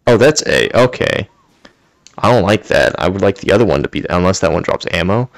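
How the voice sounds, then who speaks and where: A man's voice: low-pitched, lively intonation, brisk, vocal fry, no echo. A man giving gameplay commentary while playing in VR, ranting with constant swearing and exasperation. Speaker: gamer playing in VR.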